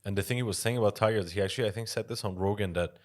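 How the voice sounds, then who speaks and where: A man with a lowish voice talks loosely on a podcast, swearing freely. He works through his points with everyday examples. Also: rapid-fire. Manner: loose, profane, explains with examples. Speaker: podcast co-host. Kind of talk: casual chat.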